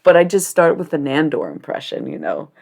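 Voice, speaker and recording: A woman's voice: low-pitched, big pitch swings, fairly quick, gravelly, darkish tone. A young adult woman chatting casually on a livestream while reading cards, rambling, giggly and swearing freely.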